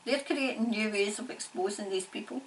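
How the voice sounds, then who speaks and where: A Scottish woman working as a psychic medium, talking in a halting, repetitive way and laughing often. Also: mid-range voice, far from the mic, slight background noise, rough recording. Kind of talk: channelling session, casual monologue.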